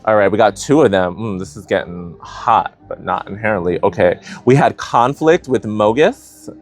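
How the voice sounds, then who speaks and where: A man giving a casual spiritual tarot reading, animated and playful, thinking aloud with lots of "like" and "you know". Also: on the low side, moderate pace. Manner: animated, playful, many fillers like "like". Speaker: tarot reader.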